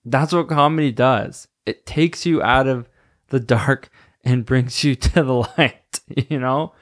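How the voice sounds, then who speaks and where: A man's voice: mid-range voice, slow pace. A man hosting a solo podcast, rambling casually, laughing often and stopping to search for names. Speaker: podcast host.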